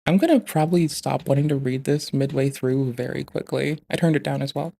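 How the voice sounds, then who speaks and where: A man's voice: medium pitch, fairly quick, creaky, mellow. A man streaming, chatting casually while reading messages, rambling, joking and swearing often. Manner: rambling, swears a lot, jokey. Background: faint backing track music.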